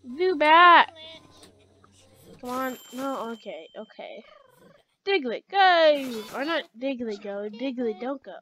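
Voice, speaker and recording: A woman's voice: a little high, normal speed, hardly any pauses, breathy edge, poor audio. A woman giving chatty let's play commentary, talking to her game characters as she plays. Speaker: gamer.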